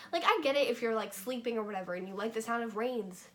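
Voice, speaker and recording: A woman's voice: fairly high pitch, fast talker, a bit bright. A young woman from North Carolina talking casually to the camera in a rambling, filler-heavy vlog. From North Carolina, USA. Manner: chatty, rambling, filler-heavy with frequent likes and okays. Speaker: vlogger.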